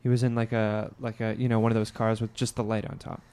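A man's voice: on the low side, little pitch movement, fast talker, mellow, smooth. A man on a podcast telling a long story in casual chat, rambling with many fillers and restarts. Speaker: podcast co-host.

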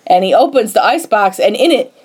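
This podcast co-host speaks fast at a medium pitch, her voice carrying a breathy edge. Chatting casually, she animatedly walks through a movie's plot, jumping into character voices and laughing often.

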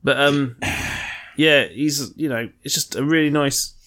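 A man's voice: medium pitch, unhurried, sharp tone. Swearing, rambling man in casual chat. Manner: profane, rambling, joking. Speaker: podcast co-host.

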